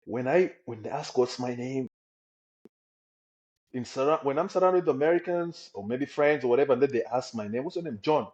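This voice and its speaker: A man's voice: mid-range voice, expressive, moderate pace, a little mellow, dull audio. A young man from Congo with a Congolese accent, a guest in a casual interview, repeating words as he talks. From Democratic Republic of the Congo. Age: young adult. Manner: repetitive, frequent agreeing "yeah".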